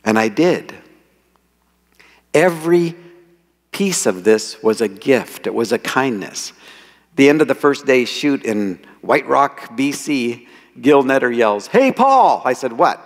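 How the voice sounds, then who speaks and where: A man telling lively anecdotes as the author speaking to an audience, quoting people as he goes. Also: medium pitch, slow pace. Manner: animated storyteller, quotes people in voices. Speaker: author giving a talk. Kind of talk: storytelling talk. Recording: reverberant hall.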